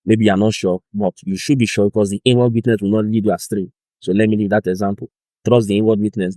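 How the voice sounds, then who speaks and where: A man's voice: medium pitch, dry recording. A young Nigerian man giving an informal teaching on discipleship, acting out chats in pidgin. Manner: animated, acts out chats in pidgin and laughs.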